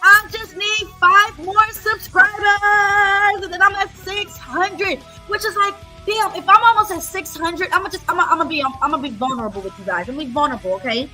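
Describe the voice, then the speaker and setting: A woman's voice: very high-pitched, normal speed, few pauses, sharp tone, soft background music. A woman hosting a livestream, talking in a blunt, profane, repetitive rant. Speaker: livestream host.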